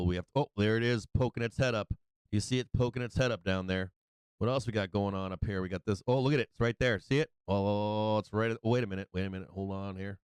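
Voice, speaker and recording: A man hosting a live stock market stream, calling prices in an excitable, hyped way and chuckling often. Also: medium pitch, clean tone, dry recording, rough recording. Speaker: stock market livestream host. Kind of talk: live trading commentary.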